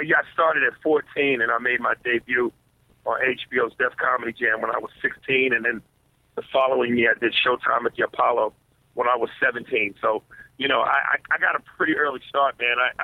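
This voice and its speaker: A man, a comedian, calling into a radio interview, relaxed and talking in frequent restarts. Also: medium pitch, no echo. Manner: relaxed, stammers and restarts often. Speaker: comedian guest. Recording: tinny phone line.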